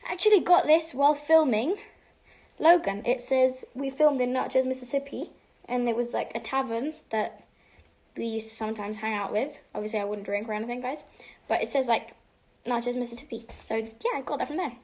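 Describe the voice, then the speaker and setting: A woman's voice: a little high, fairly even intonation, brisk, a little mellow. A teenage girl casually answering fan questions on a livestream, chatty and bubbly, slipping between English and Spanish and often dropping to a whisper. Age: teens.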